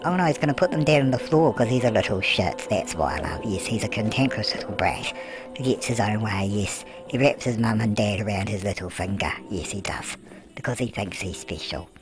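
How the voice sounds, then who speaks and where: A man's voice: on the low side, lively intonation, a little fast. A man voicing a gossipy grandmother character, narrating a life-sim game with cheeky asides, calling everyone love and answering his own questions. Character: chatty elderly grandmother persona, cheeky and gossipy. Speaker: gameplay narrator. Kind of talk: comedic gameplay commentary. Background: background music.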